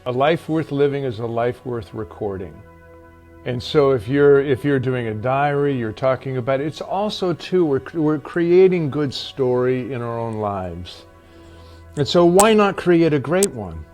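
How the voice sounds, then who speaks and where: A man's voice: mid-range voice, expressive, a little slow, a little mellow. A man in conversation speaks in a mid-range voice. He is earnest and emphatic and repeats key phrases for weight, with faint music underneath. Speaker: actor and podcast guest. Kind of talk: casual conversation.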